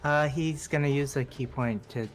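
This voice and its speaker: A man playing a tabletop game, making slow, halting remarks in casual chat. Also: medium pitch, soft background music. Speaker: player.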